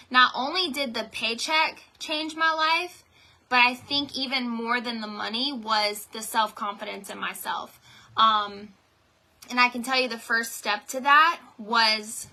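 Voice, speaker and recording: Bright, chatty woman. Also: a little high, measured pace. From North Carolina. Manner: chatty, rambling, addresses viewers directly. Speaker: direct sales team leader. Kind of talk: motivational live-stream chat.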